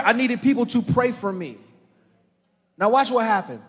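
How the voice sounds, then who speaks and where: Man, pastor, sermon, high voice, rises from hushed to shouting, talks to the congregation, long church hall reverb. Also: animated, normal speed, breathy edge. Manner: impassioned preaching that swings from hushed to shouting; calls on the congregation directly.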